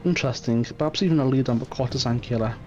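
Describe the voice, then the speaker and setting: A man voicing a composed, curious investigator in a game reading, asking polite measured questions. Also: medium pitch, mellow, lightly acted. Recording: muffled stream audio, faint music.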